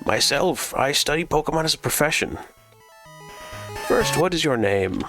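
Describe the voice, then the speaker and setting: A man's voice: a little high, animated, moderate pace, bright, forceful tone, faint music behind, pitched above the performer's own voice. A man voicing a fussy, grandfatherly old male professor in a shaky old man's voice.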